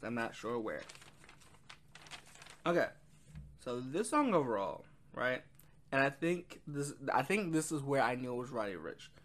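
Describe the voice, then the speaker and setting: A man's voice: medium pitch, sing-song, measured pace, pauses often, fairly bright tone. A man casually reviewing an album, rambling with frequent ums and quoting lyrics. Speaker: music reviewer.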